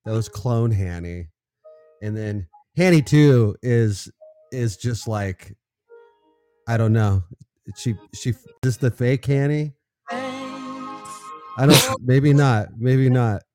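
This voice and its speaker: A man co-hosting a live news show, reading headlines with halting restarts and a sarcastic edge. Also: mid-range voice, expressive, darkish tone, faint music behind. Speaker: co-host. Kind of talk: casual live news chat.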